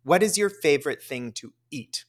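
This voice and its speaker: A man co-hosts a podcast in casual chat, sounding enthusiastic and asking leading questions. His voice is fairly high and animated, at a moderate pace.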